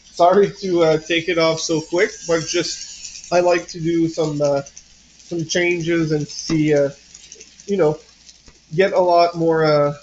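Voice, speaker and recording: A man's voice: a little high, a little mellow, highs cut off, a little hiss or hum. A man with a French Canadian accent, hosting a casual model train livestream from home, rambling with lots of fillers and restarts. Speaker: livestream host.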